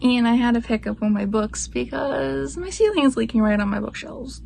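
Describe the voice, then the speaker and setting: This young Florida woman's fairly high, gravelly voice has a darkish tone and a fairly quick pace, with a little hiss or hum underneath. She's a book vlogger chatting casually at home, gushing about books, saying "like" constantly and baby-talking to her pet.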